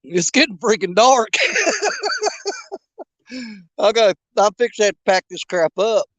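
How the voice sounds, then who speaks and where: A man's voice: high-pitched, normal speed, no echo. A man hosting a fishing livestream from a riverbank outdoors, chatting casually in a folksy, joking, rambling way. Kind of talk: casual live chat while bank fishing.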